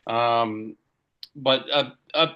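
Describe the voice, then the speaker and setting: A man's voice: mid-range voice, very slow, dull audio. A man from Canada who is a guest on a casual panel show, with a dry, wry way of talking.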